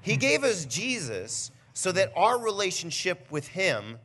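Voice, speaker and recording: A young man, a pastor, giving a conversational Christmas Eve message with animated storytelling. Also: sits high, a little slow. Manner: animated storytelling, builds to near shouting.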